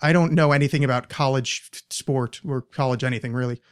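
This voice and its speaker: A man's voice: medium pitch, fairly quick, clean tone. A young man hosting a podcast, chatting casually in a rambling, sardonic way and swearing freely. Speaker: podcast host. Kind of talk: casual chat.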